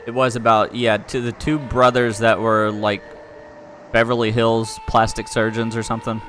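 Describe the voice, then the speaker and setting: A man's voice: mid-range voice, little pitch movement, normal speed, fairly bright tone, soft background music. A man hosting a stream, casually riffing on a movie with sardonic, crude jokes. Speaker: stream host.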